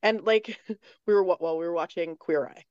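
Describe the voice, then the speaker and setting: A woman's voice: lowish voice, moderate pace, a little mellow, clean tone, dry recording, highs cut off. A woman, likely in her thirties, talking candidly in a casual chat, swearing freely and laughing often. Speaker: podcast guest.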